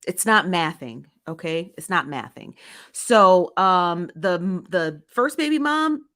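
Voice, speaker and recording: A woman's voice: fairly low pitch, animated, slow pace, fairly bright tone. A woman hosting a casual commentary show, reading viewer comments and making her points emphatically, often repeating herself and checking in with "okay?" and "right?".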